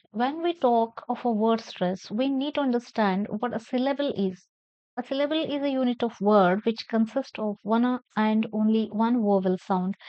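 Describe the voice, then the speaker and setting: Slow Indian English woman teacher. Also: fairly high pitch, dry recording, highs cut off. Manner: repeats words slowly, spells them out letter by letter. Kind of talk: classroom lesson explaining pronunciation.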